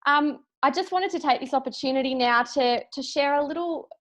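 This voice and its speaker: A woman from Australia with an Australian accent, co-founder and host, speaking haltingly with many fillers and close to tears over a video call. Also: sits high, a bit bright. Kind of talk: emotional speech on a video call. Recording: dull lo-fi video call audio.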